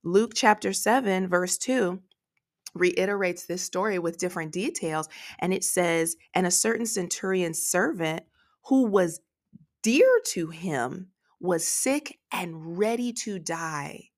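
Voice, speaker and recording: A woman delivers a devotional sermon for her podcast at a slow, deliberate pace in a fairly low voice. She is emotional and close to tears, breaking off to pray aloud before returning to her point. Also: expressive. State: tearful, emotional. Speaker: podcast preacher.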